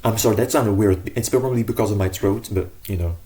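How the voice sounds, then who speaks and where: A man's voice: fairly low pitch, fast talker, background noise. A man giving casual self-improvement advice to camera in an earnest, rambling way, often correcting himself mid-sentence.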